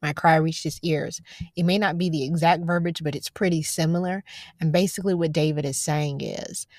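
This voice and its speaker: A woman hosting a devotional podcast, chatting casually and encouragingly, then reading scripture aloud slowly. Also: sits low, steady tone, darkish tone, no room sound, clean studio sound. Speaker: podcast host.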